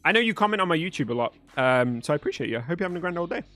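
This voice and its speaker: A young man live-streaming a game, chatting with viewers in an animated, swearing, playful way. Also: fairly high pitch, racing, faint music behind. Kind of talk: live stream commentary and chat.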